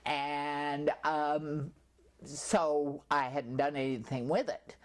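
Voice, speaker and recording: An older woman in an oral history interview, recounting her years in local journalism as a chatty storyteller with lively asides. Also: sits low, very slow. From California, USA.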